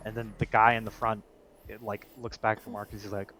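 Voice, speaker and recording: A man's voice: lowish voice, level tone, brisk, bright, forceful tone, faint music behind. A man narrating a tabletop role-playing game as game master, in a casual style full of fillers.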